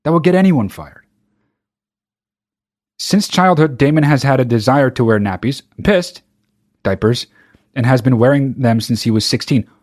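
A man's voice: medium pitch, normal speed, pauses often, darkish tone. A man hosting a comedy commentary show, reading a news article aloud and reacting with sarcastic, profane disbelief. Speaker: show host.

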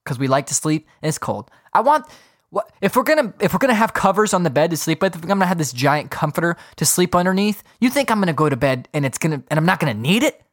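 A man hosting a solo podcast, rambling in an animated, casual way with frequent swearing. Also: on the high side, fast, no echo, studio quality. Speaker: podcast host.

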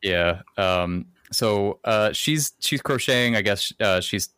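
A man's voice: on the low side, takes it slowly, bright, forceful tone, smooth, no room sound, studio quality. A man co-hosting a podcast, recapping a movie plot in a casual, rambling way with lots of fillers. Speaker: podcast co-host.

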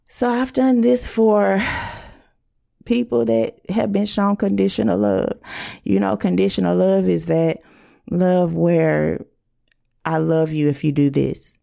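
A woman's voice: mid-range voice, vocal fry, mellow. A woman hosting a casual podcast, blunt and profane, acting out quoted arguments. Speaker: podcast host.

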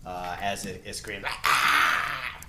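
A man's voice: on the low side, animated, moderate pace. A man running a tabletop game as game master, narrating and laughing easily. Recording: roomy with clear noise.

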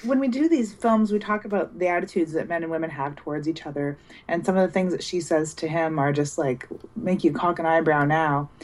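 A woman's voice: deep voice, a little fast. A woman co-hosting a casual movie podcast, dry and matter-of-fact. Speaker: podcast co-host.

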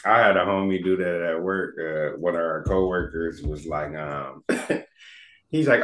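A man co-hosting a casual podcast chat, profane and animated, laughing often and trailing off quietly. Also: deep voice, a little slow. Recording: echoey room.

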